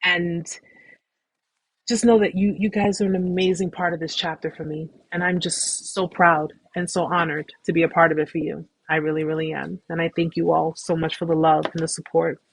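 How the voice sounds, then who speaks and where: Husky woman, effusive encouragement. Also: low voice, flat delivery, moderate pace. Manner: warm, effusive, repetitive reassurance; talkative, rambling with restarts. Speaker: host of a support live stream. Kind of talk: casual live-stream sign-off talk.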